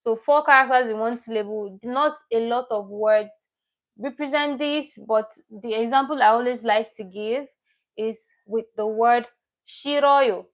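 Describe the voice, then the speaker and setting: A woman's voice: a little high, moderate pace. A woman teaching a livestream lesson, explaining patiently step by step and repeating each word she teaches. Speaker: Korean language teacher.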